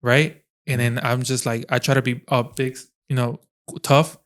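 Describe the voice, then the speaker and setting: A man's voice: mid-range voice, steady tone, normal speed, fairly bright tone. A young adult man hosting a podcast, telling a long story in a rambling way, with lots of fillers and restarts. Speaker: podcast host. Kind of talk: casual chat.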